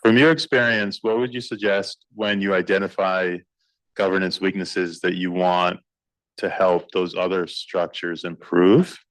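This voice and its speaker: A man in the audience asking a presenter a question at a conference in a measured, polite way. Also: low voice, little pitch movement, no room sound, poor audio. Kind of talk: question from the floor. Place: conference room.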